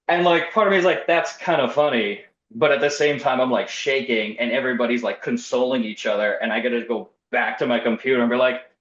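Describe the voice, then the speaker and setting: A young storyteller guest's medium-pitched voice is fairly quick and a bit bright as he casually shares a personal story. He's wry and self-deprecating, acting out what others said, and the podcast sound is roomy and slightly dull.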